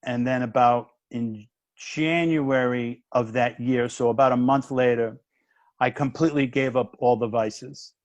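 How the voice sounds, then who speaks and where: Man telling a lively story. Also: mid-range voice, no room sound, lo-fi sound. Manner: animated storyteller, quick restarts, acts out quoted dialogue. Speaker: guest, comedian turned minister. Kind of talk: casual storytelling chat.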